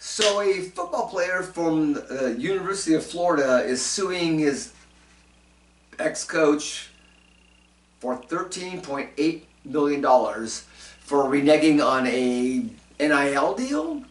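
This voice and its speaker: A man's voice: on the high side, lively intonation, slow pace, far from the mic. Man, casual host commentary, rambling with fillers, echoey room. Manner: rambling, many fillers and restarts, chuckling asides. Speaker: show host doing commentary segments.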